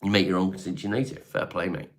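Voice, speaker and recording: Low-voiced laid-back man chatting on stream. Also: fast, fairly bright tone. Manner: laid-back, swears casually, reads and answers viewer comments. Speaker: live-stream host reading chat. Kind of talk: casual live-stream chat.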